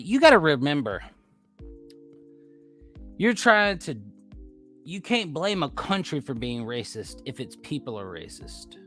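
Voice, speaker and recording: Ranting man with a bright, swinging voice. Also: on the high side. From United States. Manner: ranting, profane, repeats himself, argues with chat. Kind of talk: heated casual rant.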